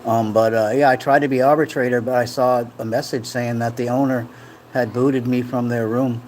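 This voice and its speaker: A man's voice: mid-range voice, steady tone, fairly quick, darkish tone, slight background noise. A man from Rhode Island hosting a casual livestream, rambling and joking as he reads chat comments aloud. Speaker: livestream host. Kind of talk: casual live-stream chat. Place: home room in the Philippines.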